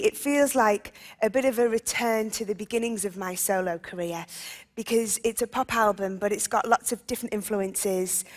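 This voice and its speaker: A woman's voice: mid-range voice, long reverb tail. A woman in her thirties with a Liverpool accent, cheerfully answering interview questions. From England. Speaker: interview guest, singer. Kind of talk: casual interview chat.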